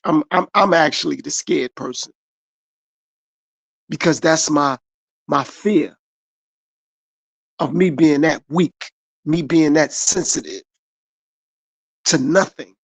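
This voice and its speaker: Gravelly man preaching self-control. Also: on the high side, takes it slowly, long pauses, no room sound. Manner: earnest, repetitive, preaching from his own life. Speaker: podcast host. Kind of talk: motivational monologue.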